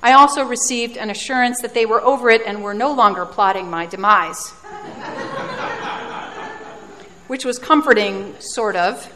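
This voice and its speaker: A woman's voice: on the high side, a little fast, hardly any pauses, sharp tone, a little hiss or hum. Female preacher, reflective storytelling sermon with dry self-mocking humor, long hall reverb.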